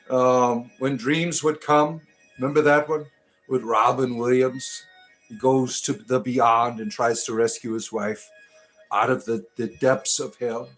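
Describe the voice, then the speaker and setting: A man's voice: mid-range voice, fairly bright tone. A man hosting a casual live stream, rambling and joking as he greets viewers by name.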